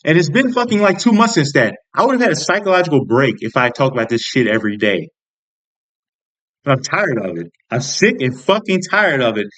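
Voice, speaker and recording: A man's voice: a little high, sing-song, a little fast, fairly bright tone. A young man ranting angrily in a vlog, swearing constantly, restarting sentences and rambling with frustration. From United States. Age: young adult. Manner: angry, profane, rambling rant with many restarts. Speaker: vlogger. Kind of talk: political commentary rant.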